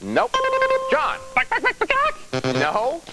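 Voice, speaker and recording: High, lively male game show host. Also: drawn-out words, rough recording. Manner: upbeat, lively quizmaster patter. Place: TV studio with audience. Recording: loud TV studio broadcast with music and crowd. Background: music and studio crowd.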